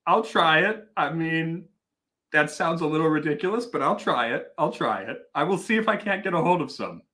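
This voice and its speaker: On his casual whiskey livestream, a Milwaukee-area Wisconsin host reads out viewer comments and chats animatedly, self-deprecating and casually profane. His voice is on the high side, bright and forceful, with lively intonation at a normal speed.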